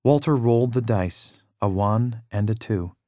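A man narrating a children's storybook in a steady, measured read-aloud manner. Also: fairly low pitch, no room sound, clean studio sound.

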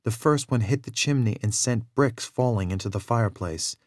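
A man narrating a children's adventure story in a measured, expressive read-aloud style, with a very dry sound. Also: mid-range voice, no room sound.

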